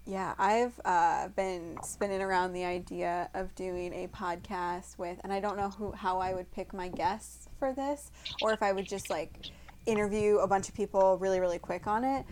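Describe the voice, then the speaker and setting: A woman hosting a casual interview, reacting warmly and thinking out loud about podcast ideas. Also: mid-range voice, steady tone, moderate pace, slight background noise. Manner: enthusiastic reactions, rambling thoughts. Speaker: host.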